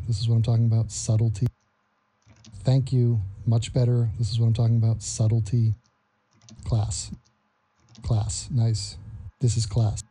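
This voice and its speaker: A man's voice: medium pitch, mellow, husky. A man hosting a ranting reaction commentary, sarcastic and repeating his phrases again and again. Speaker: commentary host.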